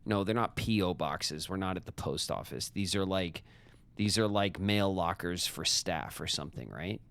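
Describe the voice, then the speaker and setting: A man's voice: deep voice, animated, moderate pace, creaky, a bit bright, clear, resonant tone, dry recording. A man streaming a puzzle game live, talking casually and rambling with restarts, joking with his chat as he plays.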